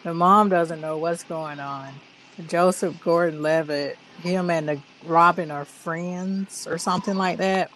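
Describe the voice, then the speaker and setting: A woman's voice: on the low side, measured pace, a little hiss or hum, low-quality recording. A woman chatting casually about a movie, acting out scenes in put-on voices. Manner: animated, acts out scenes in voices. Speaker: movie review co-host. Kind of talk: casual chat.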